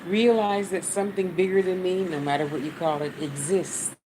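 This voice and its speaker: A woman's voice: lowish voice, fairly even intonation, moderate pace. Blunt American woman teaching spirit work. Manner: blunt, swears freely, talks straight to the viewer. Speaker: spiritual channel host. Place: at home, fan running. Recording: noisy fan and traffic behind.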